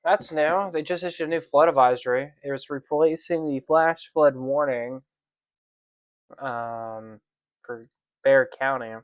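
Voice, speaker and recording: A man's voice: mid-range voice, unhurried, no echo. A man hosting a weather livestream from his room, wheezing as he talks in a chatty, apologetic way. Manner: chatty, self-conscious, apologetic. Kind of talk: casual livestream chat. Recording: dry, dull lo-fi stream audio.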